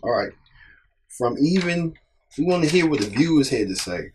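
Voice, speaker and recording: A male show host in casual commentary, halting and repeating his words. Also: fairly high pitch, big pitch swings, a little mellow, a little hiss or hum.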